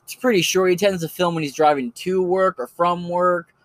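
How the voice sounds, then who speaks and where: A man talks through his picks in a loose, off-the-cuff solo podcast. His voice sits a bit high for a man, and he rambles and swears freely. The recording is close and dry, with no room sound at all. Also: fairly even intonation, moderate pace, no echo. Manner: rambling and profane, with many fillers. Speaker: podcast host recommending creators. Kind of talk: casual solo commentary.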